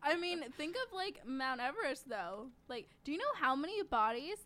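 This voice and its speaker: A woman's voice: high voice, sing-song, normal speed, fairly bright tone. A woman chatting animatedly on a podcast, laughing often and moving the talk along with questions. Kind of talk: casual chat.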